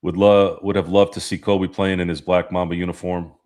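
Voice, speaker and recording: A man's voice: low-pitched, little pitch movement, brisk, a little mellow. A man hosting a casual sports talk stream, rambling, swearing and laughing as he reads the chat. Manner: rambling, profane, laughs often. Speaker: podcast host.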